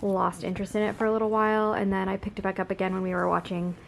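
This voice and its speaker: A woman's voice: medium pitch, little pitch movement, rapid-fire, creaky, a little hiss or hum. A young adult woman chatting casually in a vlog, rambling with lots of fillers. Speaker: vlogger.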